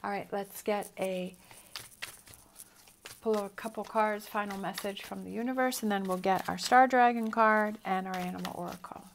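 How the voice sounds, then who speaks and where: A woman's voice: medium pitch, fairly even intonation, moderate pace, slight background noise. A middle-aged woman giving a motivational tarot reading, earnest and encouraging, repeating her reassurances. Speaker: tarot reader.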